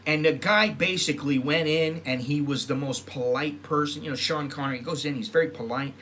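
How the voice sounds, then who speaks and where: The vlogger, a middle-aged American, talks briskly with hardly any pauses in a slightly high, a bit bright voice. His casual storytelling meanders, full of self-corrections and acted-out quotes, and there is slight background noise.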